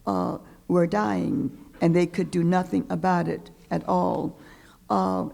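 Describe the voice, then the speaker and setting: An older woman reading her poems aloud in a lecture hall, slow and deliberate with a rhythmic pull. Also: lowish voice, creaky, darkish tone. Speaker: poet reading her work. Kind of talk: poetry reading.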